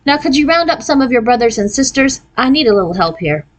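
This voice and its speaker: A woman's voice: sits high, very animated, quick pace, voice pushed up. A woman reading aloud voices a rule-loving mother of ten who speaks firmly and matter-of-factly. The voice sits a little above the reader's usual tone. It is a storybook parent. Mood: cheerful. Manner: firm, matter-of-fact.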